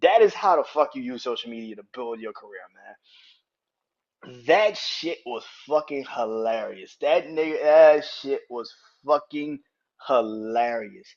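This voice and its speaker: A man's voice: medium pitch, animated, measured pace, muffled recording. A man hosting a solo wrestling podcast, talking in a loose, profane way, laughing hard and acting out the lines of the people he quotes. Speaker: podcast host. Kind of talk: casual solo wrestling commentary.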